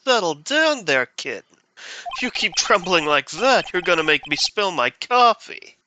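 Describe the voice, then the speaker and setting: A man voicing a smooth, teasing male prosecutor who calls the rookie kitten, drawn out and cool. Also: sits high, big pitch swings, a little slow, sharp tone, slight background noise, exaggerated voice. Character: suave coffee-loving male prosecutor mentor.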